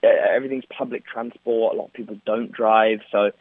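A man's voice: fairly low pitch, fairly even intonation, a little fast, dry recording. A young man with an English accent, an actor chatting as an interview guest, talking freely with many fillers and laughs. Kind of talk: remote interview. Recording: tinny phone-like line, dry.

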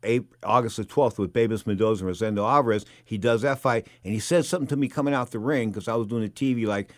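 A middle-aged man telling a casual anecdote, animated and rambling, full of repeats and fillers. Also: lowish voice, fast talker, dry recording, studio quality. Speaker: storyteller.

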